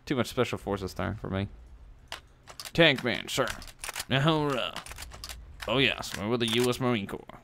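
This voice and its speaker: A man giving casual commentary over a war video game, excitable and swearing often, bursting into loud yelps. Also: mid-range voice, unhurried, vocal fry, long pauses, background noise. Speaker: gameplay commentator.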